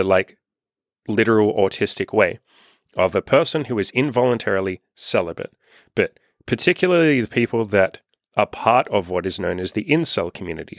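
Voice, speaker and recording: Frank, low-voiced man coaching. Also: gravelly, no echo, studio quality. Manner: frank and profane, acts out his own inner questions. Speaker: life coach. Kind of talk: casual self-help monologue.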